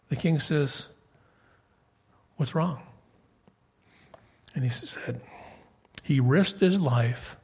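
A man preaches in a conversational way, checking in with his listeners. His voice sits in a middle pitch and has a husky, slightly rough edge. Now and then he reads scripture aloud in old King James wording. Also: a little mellow. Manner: conversational, asks the congregation questions. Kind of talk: sermon.

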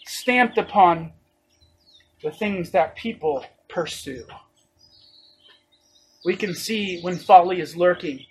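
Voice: mid-range voice, a little hiss or hum, rough recording. A preacher delivering a sermon, emphatic and fond of rhetorical questions.

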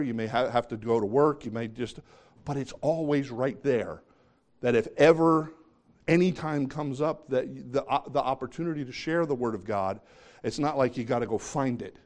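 A man's voice: mid-range voice, darkish tone. A middle-aged man preaching a sermon in a conversational way, joking about himself and asking the congregation questions. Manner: conversational, self-deprecating, asks the congregation questions. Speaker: pastor.

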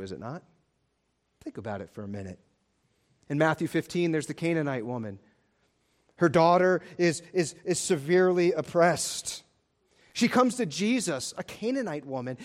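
A man's voice: fairly high pitch, very animated, moderate pace. A male pastor preaching a sermon in an emphatic, repetitive style.

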